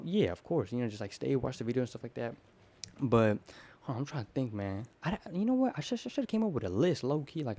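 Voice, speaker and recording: A teenage boy talking casually to the camera, telling a story in a profane, slangy, animated way. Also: mid-range voice. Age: teens. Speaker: teen vlogger. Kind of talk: casual rambling monologue to camera.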